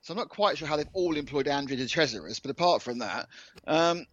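A sardonic man riffs and jokes through a casual motorsport chat. His voice is husky, with a lively, bouncing pitch. The sound is dry and a little muffled. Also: brisk, no echo. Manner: sardonic, jokey, laughs often. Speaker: co-host.

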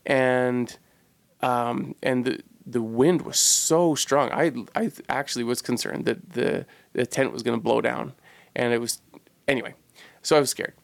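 A man's voice: mid-range voice, fairly even intonation, a little slow, vocal fry, dry recording. A man co-hosting a podcast, telling a personal story in an earnest, reflective way and searching for his words as he goes. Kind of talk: casual storytelling.

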